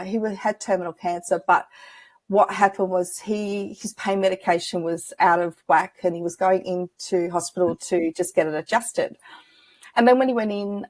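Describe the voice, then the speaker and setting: A woman's voice: medium pitch, a little mellow, dry recording. A woman guest on an interview show, a spiritual medium telling personal stories in a chatty, reflective way and acting out the dialogue she remembers. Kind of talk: casual interview storytelling.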